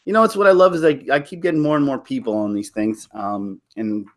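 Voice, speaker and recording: A man's voice: medium pitch, a little fast. A man from Toronto chatting casually to viewers on a live stream, rambling with frequent laughs and restarts. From Toronto, Canada. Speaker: livestream host.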